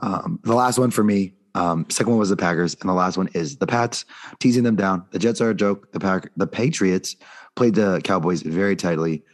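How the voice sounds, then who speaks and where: A man hosting a casual sports betting chat, upbeat and leading the segments, his voice going hoarse. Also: deep voice, normal speed. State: losing his voice. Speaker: podcast host.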